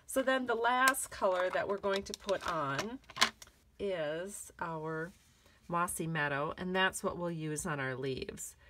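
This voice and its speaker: A woman's voice: on the low side, slow, fairly bright tone, a little hiss or hum. A woman demonstrating a card-making technique in a tutorial, chatty and encouraging as she works through each step. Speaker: craft demonstrator.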